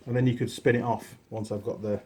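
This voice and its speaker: A fast-talking middle-aged mechanic with a flat delivery and a darkish, mid-range voice hosts a repair tutorial at his home workshop. He keeps up a chatty, self-deprecating stream as he works, wandering off on stories.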